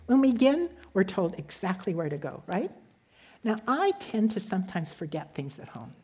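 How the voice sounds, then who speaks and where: A woman giving a gentle devotional sermon that tells a story and ends in prayer. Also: mid-range voice, very animated, moderate pace, slightly rough. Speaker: speaker giving a devotional talk.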